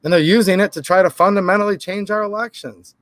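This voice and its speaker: High-voiced man ranting on a live stream. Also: quick pace, fairly bright tone, no room sound. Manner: rambling, emphatic, defensive asides. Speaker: channel host answering viewer comments. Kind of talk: casual live-stream talk.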